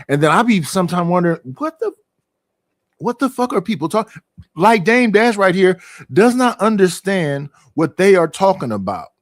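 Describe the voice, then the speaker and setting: A man's voice: a little high, no room sound, clean studio sound. A middle-aged man, ranting profanely at home in a casual streaming monologue, firing off rhetorical questions.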